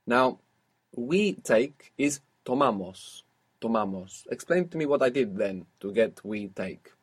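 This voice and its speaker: A man with a slightly husky voice leads a spoken language lesson. He asks his student short questions and answers with brief praise, in a patient, steady manner. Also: on the low side. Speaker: language teacher.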